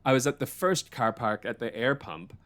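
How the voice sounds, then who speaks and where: A man's voice: mid-range voice, lively intonation, moderate pace, fairly bright tone. A man hosting a podcast, telling a story in casual chat, swearing freely and laughing often. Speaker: podcast host.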